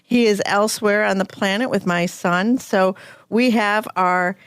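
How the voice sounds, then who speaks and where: A woman's voice: medium pitch, fairly even intonation, unhurried, clear, resonant tone, no echo, clean studio sound. A woman hosting a radio talk show, chatty and upbeat as she introduces guests. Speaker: radio show host and real estate broker.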